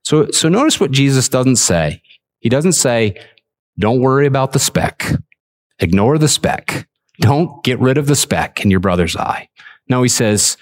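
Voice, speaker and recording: Male pastor, mid-pitched voice, earnest sermon delivery, repeats phrases for emphasis. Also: unhurried. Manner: earnest, repeats words, animated preaching. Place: church service.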